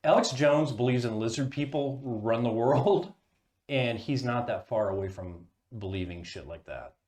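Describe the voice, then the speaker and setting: Casual male podcast host, mid-pitched, swears freely, stammers into his points. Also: moderate pace, darkish tone. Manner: stammering, profane, laughs often. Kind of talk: casual chat.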